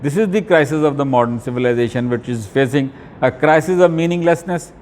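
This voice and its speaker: A male lecturer delivers an academic talk in a measured, halting way, often pausing on fillers and restarting phrases. His voice sits a little high for a man. The sound has a long hall reverb behind it. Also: a little mellow, a little hiss or hum. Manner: deliberate, with frequent fillers and restarts.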